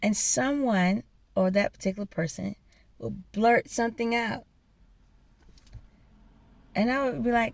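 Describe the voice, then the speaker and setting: A woman's voice: fairly high pitch, fairly even intonation, a little slow, long pauses. A woman vlogger telling a personal story in a blunt, profane, emphatic way. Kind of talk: casual storytelling rant.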